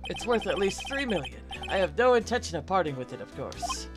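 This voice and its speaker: A woman voicing an elderly male lawyer who is pompous and evasive, in a hushed voice with a Scottish accent. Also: mid-range voice, big pitch swings, a little fast, close to an everyday voice. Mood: proud. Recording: game music in background.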